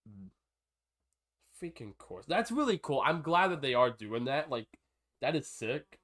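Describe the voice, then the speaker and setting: Chatty male streamer, rambling and excitable. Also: medium pitch, measured pace. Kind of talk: casual live-stream chat while gaming.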